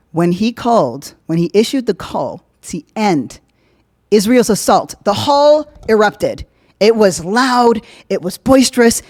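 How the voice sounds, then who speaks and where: On her podcast, a woman riffs on politics casually, joking and swearing as she moves between loud, emphatic lines and low asides.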